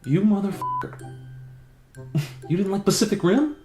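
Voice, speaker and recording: A man playing a gleeful, excitable movie fan. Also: sits high, moderate pace, echoey room, over music, pitched above the performer's own voice. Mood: excited. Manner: gleeful, swearing, enthusiastic. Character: excitable adult male movie fan, easily impressed. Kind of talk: comedic self-debate sketch.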